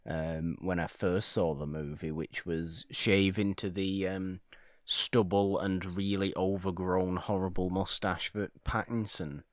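A man with a lowish voice co-hosts a casual film podcast. He talks slowly and drawls, with a wry, playful edge. The sound is dry and close, with almost no room in it. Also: flat delivery, no echo. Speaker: podcast co-host.

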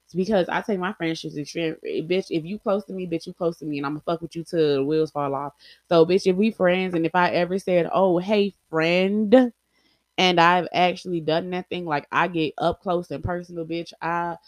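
A woman's voice: on the low side, steady tone, fairly quick, no room sound. Young woman, candid vlog storytelling, blunt and profane, dry close sound. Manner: blunt, heavily profane, acts out quotes. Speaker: vlogger.

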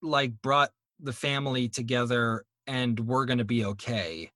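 A man's voice: mid-range voice, unhurried, a bit bright. Joking, laughing man in casual chat.

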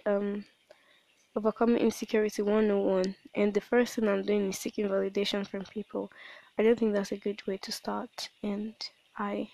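A young woman recording a reflective voice diary at home on her phone, speaking softly and hesitantly with frequent restarts. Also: mid-range voice, creaky, no echo. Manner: soft-spoken, hesitant, halting with restarts. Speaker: personal audio diarist. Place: at home at night.

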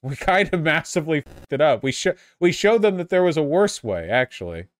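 A man streaming live, chatting casually and excitably with his viewers, swearing freely. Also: a little high, brisk, dry recording, studio quality.

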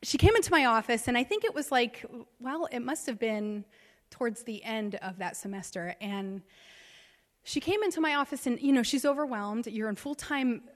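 A woman in her thirties preaches and tells a personal story, rising from hushed to intense. Her voice sits a little high and rings out in a big hall with long reverb. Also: expressive, normal speed. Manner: personal storytelling, emotional swings. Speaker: pastor. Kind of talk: sermon.

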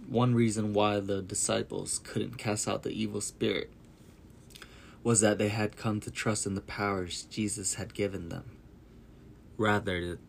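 A man narrating a Bible story in a slow, even, deliberate reading. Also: on the low side, gravelly, slight background noise.

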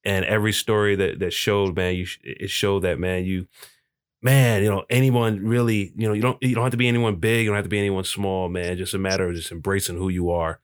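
A man hosting a podcast, wrapping up the show in a relaxed, casual way and often saying "man". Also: low-pitched, brisk, clear, resonant tone, dry recording, studio quality. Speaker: podcast host.

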